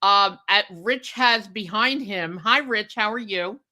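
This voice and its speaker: A woman's voice: medium pitch, slow pace, sharp tone. A woman hosting a podcast in casual chat, emphatic and talkative, often tagging her points with "okay?". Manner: emphatic, chatty, keeps adding "okay?". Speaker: podcast host.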